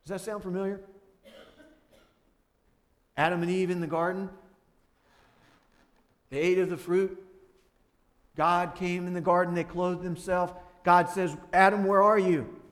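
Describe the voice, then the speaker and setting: A man preaching a sermon, voice climbing loud when he acts out prayers and dialogue, then dropping soft and low for grief. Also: flat delivery, unhurried, pauses often. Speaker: pastor.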